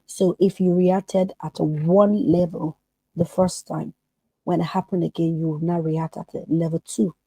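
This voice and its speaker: A woman's voice: fairly low pitch, flat delivery, normal speed, dark tone, no room sound, poor audio. A woman therapist speaking as a podcast guest, earnest and emphatic. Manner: emphatic, acts out quoted voices.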